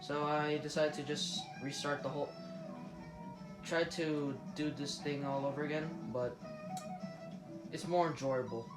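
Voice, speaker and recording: A man's voice: fairly high pitch, fairly even intonation, a little slow, pauses often. A man casually commenting on a game, rambling with frequent restarts and self-corrections. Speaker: gaming YouTuber. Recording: roomy room with game music playing.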